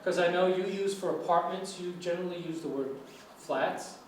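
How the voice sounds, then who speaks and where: A man's voice: high-pitched, normal speed. A man from the United States teaching English, talking with his class and asking questions. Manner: conversational, asks students questions. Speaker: English lecturer. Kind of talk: classroom discussion. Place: lecture room. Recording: echoey classroom from far off, faint noise.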